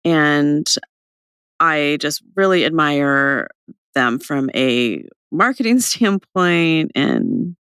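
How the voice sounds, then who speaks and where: A young woman co-hosting a casual podcast chat, bubbly and chatty, her voice still rough with vocal fry from a recent cold. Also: sits low, expressive, very slow, fairly bright tone, no room sound, studio quality. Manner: bubbly, chatty, laughing often. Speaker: podcast co-host.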